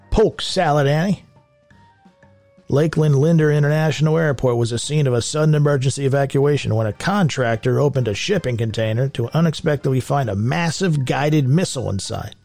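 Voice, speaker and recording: A man's voice: mid-range voice, a little mellow. A man hosting a show, reading news stories and riffing on them sarcastically, laughing often at his own jokes. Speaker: radio show host. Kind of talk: comedic news commentary.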